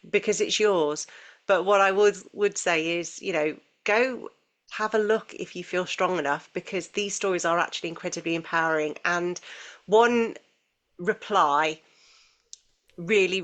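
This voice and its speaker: Lower-voiced woman co-hosting a podcast. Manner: earnest, frequent restarts and quoted asides. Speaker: podcast co-host. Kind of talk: casual conversational chat.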